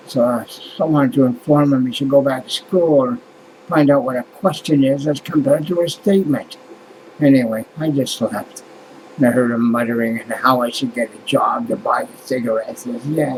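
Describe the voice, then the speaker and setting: A man's voice: medium pitch, a little mellow, slight background noise, low-quality recording. A man musing aloud in a casual vlog monologue, rambling and swearing as he grumbles about things that irritate him. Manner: rambling, profane, exasperated musing. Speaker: vlogger.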